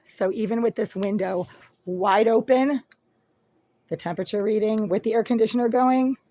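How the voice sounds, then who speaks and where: Raspy-voiced aggrieved woman vlogging from home. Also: a little high, moderate pace, dark tone, no room sound. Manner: aggrieved, detailed, insistent. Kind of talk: first-person complaint video. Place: small apartment room, indoors.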